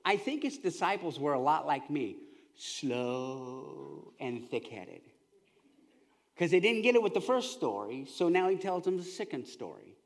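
A male pastor preaching a sermon with animated storytelling, swinging from loud to hushed. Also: high-pitched, a little fast, few pauses.

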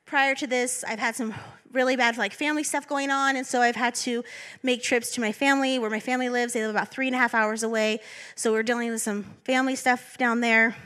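Young woman preacher, bright high voice, super candid and self-deprecating. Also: steady tone, a little fast, smooth. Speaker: assistant pastor. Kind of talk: sermon.

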